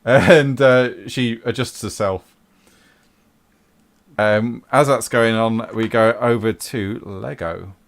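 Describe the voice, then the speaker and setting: A man's voice: mid-range voice, takes it slowly. A man as game master, narrating a tabletop role-playing game in an easygoing, chatty way.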